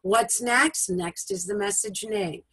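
A woman giving a patient step-by-step software tutorial over a video call, often repeating steps and checking in with her listeners. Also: medium pitch, slow pace, husky, no echo, rough recording. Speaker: instructor. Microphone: video call recording.

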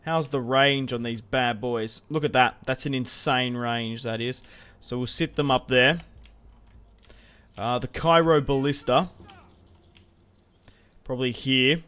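A man's voice: medium pitch, slow pace, long pauses, a bit bright, clean tone. A young man giving casual, rambling commentary over a strategy game, restarting sentences and swearing freely. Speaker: gaming video host.

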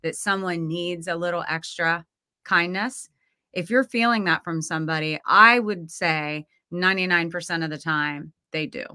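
A woman's voice: fairly low pitch, moderate pace, sharp tone, clear, resonant tone, no room sound, clean studio sound. A woman co-hosting a talk show, affirming and encouraging in casual chat. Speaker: co-host.

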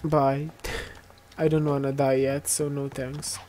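A woman's voice: very deep voice, little pitch movement, takes it slowly, dark tone, a little hiss or hum. A young woman giving casual, chatty gameplay commentary, often giggling and teasing other players. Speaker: gamer.

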